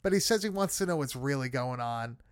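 A man's voice: mid-range voice, animated, brisk, clean tone, no room sound, clean studio sound. A man casually recapping a horror film with friends, swearing often and leaning on fillers. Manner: loose, swearing, many fillers.

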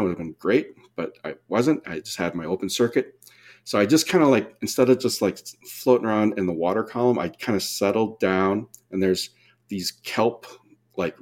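A man from California telling a diving story in casual chat, rambling with many fillers and laughing often. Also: fairly low pitch. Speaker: guest diver.

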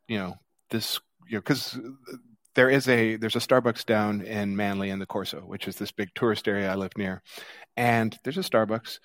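Low-voiced chatty American man. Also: dry recording, studio quality. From United States. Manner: chatty, rambling with fillers and restarts. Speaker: podcast co-host. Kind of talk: casual chat.

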